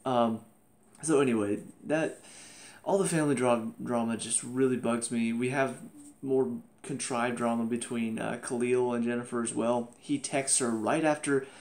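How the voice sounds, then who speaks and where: A man's voice: mid-range voice, steady tone, moderate pace, darkish tone. A man giving a casual spoken TV review, exasperated and ranting, mocking the characters in put-on voices.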